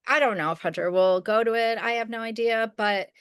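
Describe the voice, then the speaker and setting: Brisk and on the high side, this middle-aged woman co-hosts a podcast, restarting often and using fillers as she rambles through a casual story. She imitates the people she quotes, and her smooth, clear, fairly bright voice is captured up close with no room sound.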